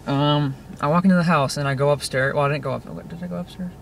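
A man's voice: a little high, steady tone, quick pace, creaky, recorded from a distance. A teenage boy rambling and venting in a casual video diary, filming himself in his parked car with many restarts. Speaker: vlogger. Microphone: handheld camera set on dashboard. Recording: car interior with outside noise. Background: car and traffic noise.

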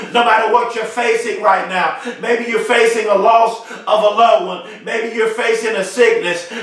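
A man giving a motivational speech, shouting short repeated affirmations with strong emphasis. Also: sits high. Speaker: motivational speaker. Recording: very echoey, far from the mic.

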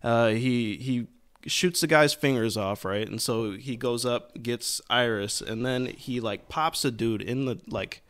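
A man's voice: mid-range voice, measured pace, a bit bright, clean tone. A young man co-hosting a podcast, talking casually, laughing often and cursing freely. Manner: laughs often, many restarts, loose and profane. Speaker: podcast co-host. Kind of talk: casual chat.

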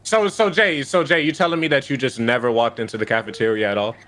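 A man's voice: mid-range voice, fairly even intonation, fast talker, a bit bright, faint music behind. A man in a group game laying out his case and accusing another player, teasing and laughing as he argues. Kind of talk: heated group argument.

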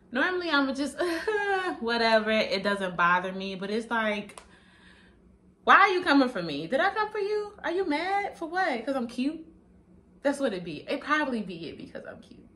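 A woman's voice: medium pitch, bright, forceful tone. Young woman, twenties, sassy, blunt, profane, casual vlog to camera. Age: 20s. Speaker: vlogger. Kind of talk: casual talking-head vlog.

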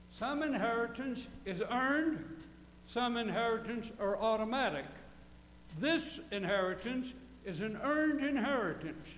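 A man's voice: sits high, a bit bright, roomy sound, big-room sound, slight background noise, rough recording. A male pastor preaching a folksy sermon, quizzing his congregation and repeating key phrases for emphasis. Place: church sanctuary.

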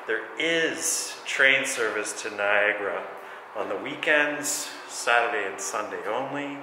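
Chatty man vlogging outdoors with street noise. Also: lowish voice. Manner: chatty, upbeat sign-off to viewers. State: out of breath. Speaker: travel vlogger. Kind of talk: casual travel vlog to camera. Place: outdoors at a train station. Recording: outdoor noise, camera mic.

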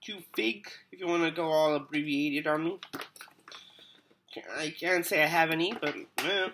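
A man talks casually to camera while sick with a cold, with a bright, cutting edge to his voice. He rambles in a loopy way, loses his train of thought and hums to himself between remarks. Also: fairly high pitch, moderate pace, a little hiss or hum. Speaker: vlogger. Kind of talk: casual unboxing vlog.

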